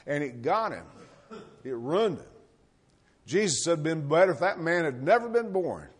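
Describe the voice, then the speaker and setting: A man with a slightly high voice preaches a sermon. He asks the congregation rhetorical questions and lets his voice swell and drop as he goes. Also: big pitch swings, normal speed, breathy edge. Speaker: pastor.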